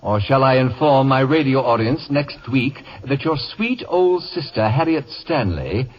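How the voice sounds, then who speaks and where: An actor playing a pompous, acid-tongued middle-aged critic in a 1950s radio drama, mocking people theatrically with chuckles. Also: male voice, mid-range voice, expressive, a little slow, husky. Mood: gloating. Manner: sardonic, theatrical, chuckling mockery. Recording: dull lo-fi 1950 radio broadcast.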